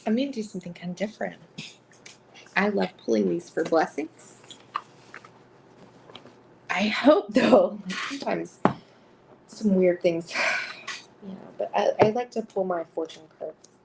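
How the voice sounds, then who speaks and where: A woman with a husky voice reading cards on a live stream, chatting casually with viewers and giggling often between rambling sentences. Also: medium pitch, unhurried, pauses often, noisy background. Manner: chatty and rambling, full of filler words. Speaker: live-stream card reader.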